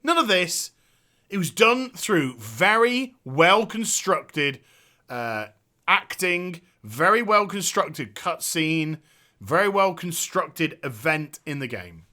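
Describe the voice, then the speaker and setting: Male host, lively high voice with sharp edge, swearing and sarcastic rant. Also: slow. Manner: profane, sarcastic, exasperated. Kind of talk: ranting game review.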